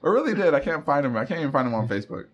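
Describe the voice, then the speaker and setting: A man's voice: on the high side, sing-song, very fast, dull audio. Giggly man hosting a podcast. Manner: laughs often, jokey and loose. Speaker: podcast host. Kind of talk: casual chat.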